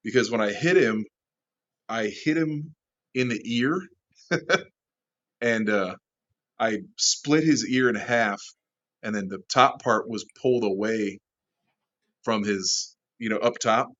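A lively man spins a wild bar story, laughing through it and cursing freely. His voice sits at an ordinary pitch. The recording is dull and lo-fi. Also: takes it slowly, pauses often. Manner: animated, laughing, swearing often. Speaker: interview guest, bar manager. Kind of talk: casual storytelling.

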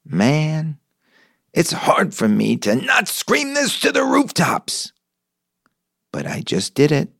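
A man's voice: on the high side, huge pitch swings, takes it slowly, gravelly, pauses often, a bit bright, dry recording. A middle-aged man hosting a podcast, telling stories and reading sponsor ads with enthusiasm. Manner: enthusiastic storyteller. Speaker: podcast host. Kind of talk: conversational host reading ads.

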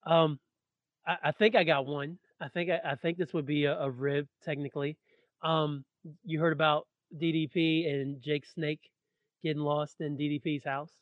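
A man co-hosting a podcast, telling a story in a relaxed, chatty way with side remarks. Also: a little high, moderate pace, no room sound. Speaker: podcast co-host. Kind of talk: casual storytelling chat. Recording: muffled, lo-fi sound.

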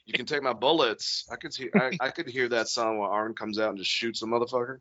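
A man's voice: mid-range voice, steady tone, quick pace, pushed and bright, no echo, dull audio. A man co-hosting a podcast in casual, profane, jokey chat, slipping into goofy impressions. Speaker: podcast co-host.

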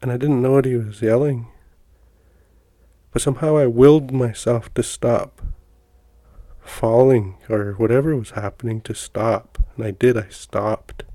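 Folksy man telling stories, warm voice. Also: medium pitch, fairly even intonation, measured pace, no echo. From Montana. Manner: rambling, folksy, many fillers and restarts. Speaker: podcast guest telling personal stories. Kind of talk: casual storytelling.

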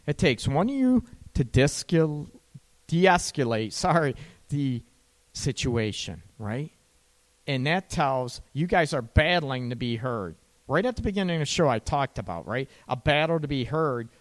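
A man hosting an advice show, talking casually about calming arguments between partners and tagging his sentences with "right?". He sometimes voices what a partner might say. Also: medium pitch. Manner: conversational, frequent "right?" tag questions; acts out partner's lines in quoted dialogue. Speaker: relationship advice host.

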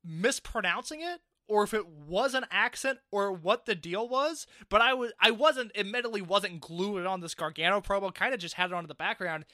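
A man's voice: high-pitched, moderate pace, hardly any pauses, sharp tone, no room sound, clean studio sound. A man co-hosting a podcast, giving laid-back, wry commentary in a casual chat. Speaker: podcast co-host. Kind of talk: casual chat reviewing a wrestling show.

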